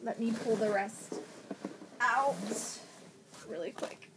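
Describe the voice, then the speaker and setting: A woman from Ohio in a casual unboxing vlog, gushing with excitement, gasping and thanking a friend over each gift. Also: fairly high pitch, slow pace, noisy background. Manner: gushing, excited, frequent gasps. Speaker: vlogger.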